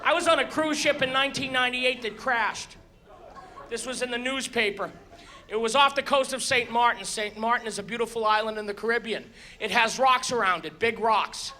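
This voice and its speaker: A man doing a stand-up comedy set on stage, exasperated and ranting, bursting into loud shouts before a live audience. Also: very high-pitched, a little fast. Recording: live show with audience laughter and noise.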